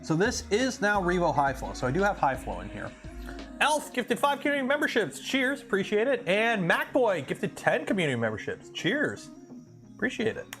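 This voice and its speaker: A man's voice: a little high, a bit bright. A man from Canada hosting a casual livestream, chatting with viewers and ranting animatedly about a pet peeve. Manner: chatty, reads chat aloud, rants animatedly. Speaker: livestream host.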